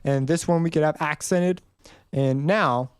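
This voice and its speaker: Smooth, dry-voiced male music tutor. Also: a little high, a little slow, no echo. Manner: casual, rambling explanation with sung note demonstrations. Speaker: music composition teacher. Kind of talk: screen-recorded tutorial.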